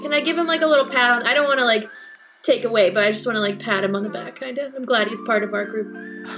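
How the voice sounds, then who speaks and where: A woman's voice: a little high, quick pace, music in the background, low-quality recording. A woman taking part as a player in a tabletop role-playing game, talking in a chatty, hesitant way. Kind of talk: casual tabletop play.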